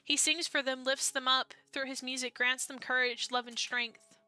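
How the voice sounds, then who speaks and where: A young woman streaming a dating-sim game, reading its story aloud with feeling and jumping in with excited reactions. Her voice is bright, smooth and a touch high, recorded close and dry with faint game music underneath. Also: moderate pace.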